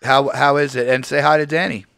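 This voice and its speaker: A man's voice: medium pitch, steady tone, a little fast, gravelly, a bit bright, clear, resonant tone, no echo. A man with a mid-range voice hosts a loose online hangout over a home mic. He is laid-back, laughs often and keeps reading out the chat. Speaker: host.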